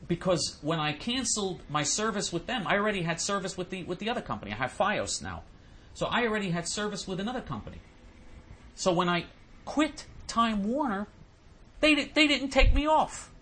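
A man's voice: sits high, animated, fairly quick, pushed and bright, slight background noise. A man hosting a show, ranting indignantly and stammering over repeated words while he answers listener questions. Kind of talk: ranting monologue.

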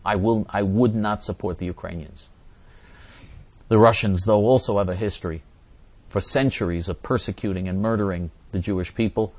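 A man's voice: fairly low pitch, fairly even intonation, moderate pace, darkish tone. A man hosting a show where he reads forum questions and answers them at length, repeating and restarting words, with heated, emphatic remarks. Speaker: host answering viewer questions.

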